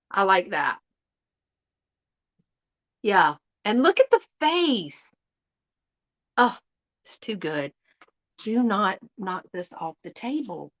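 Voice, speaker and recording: A middle-aged woman from Louisiana with a Southern accent, chatting folksily as she hosts a live unboxing and often drops to a hushed voice. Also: on the high side, dull audio. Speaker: channel host. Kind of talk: casual live unboxing chat. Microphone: live stream setup.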